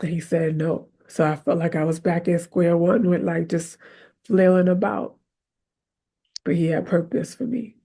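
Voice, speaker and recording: A woman's voice: fairly low pitch, moderate pace, creaky, husky. Chatty woman hosting a faith podcast. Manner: conversational, keeps asking "right?"; animated, acts out her own prayers aloud. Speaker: podcast host. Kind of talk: faith-based motivational talk.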